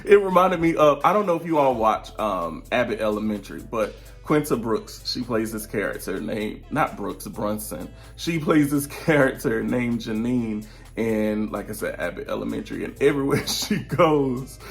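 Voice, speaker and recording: A man in his thirties gives a casual seated update from his home, his voice sitting at an ordinary middle pitch. He rambles a little and chuckles now and then mid-sentence, the easygoing tone of someone talking to friends. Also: expressive, normal speed, creaky, faint music behind. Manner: chatty, drifts off topic, laughs often mid-sentence. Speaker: vlogger and virtual teacher.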